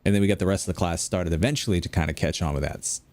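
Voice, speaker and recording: A man's voice: sits low, racing, a little mellow. A man, rambling and chatting with viewers during casual gameplay commentary at home late at night. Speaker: gaming video creator.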